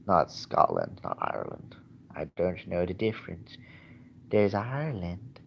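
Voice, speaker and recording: A man chatting casually and candidly from bed on a livestream, halting and self-deprecating, recorded on a dull lo-fi track with faint hiss. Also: low-pitched, huge pitch swings, gravelly. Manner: hesitant, halting, lots of fillers and restarts. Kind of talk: casual rambling livestream chat. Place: in bed at home.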